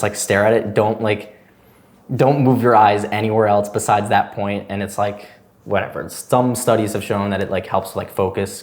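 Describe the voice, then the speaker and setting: A young man chatting casually on a podcast, rambling loosely with lots of "like" fillers. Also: lowish voice. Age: young adult. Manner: rambling, loose, heavy use of "like". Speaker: guest.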